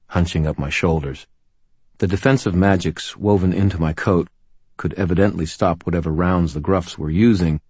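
Guy reading an audiobook in first person, super low husky voice, dry wry delivery. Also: darkish tone, no echo. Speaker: audiobook narrator.

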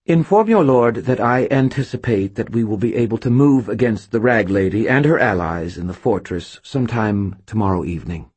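A man voicing a haughty, contemptuous female spirit in an audiobook, husky and imperious. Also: on the low side, animated, moderate pace, hardly any pauses, darkish tone, voice pushed up. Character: haughty female spirit lady seeking a body. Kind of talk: audiobook narration.

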